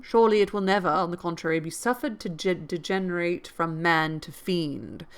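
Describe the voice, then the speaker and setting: A woman voicing a gentle, pious orphan schoolgirl in a storybook reading, soft and earnest, a little low-pitched. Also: normal speed, natural voice. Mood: serene.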